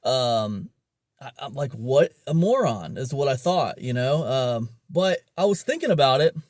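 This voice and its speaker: A man's voice: mid-range voice, expressive, moderate pace, a little mellow, no room sound. A man talking about online business in a casual storytelling monologue, rambling along with many fillers and restarts.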